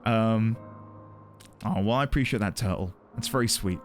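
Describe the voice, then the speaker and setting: A man's voice: lowish voice, normal speed, long pauses, soft background music. A man streaming a game, rambling and flustered as he thanks his chat effusively.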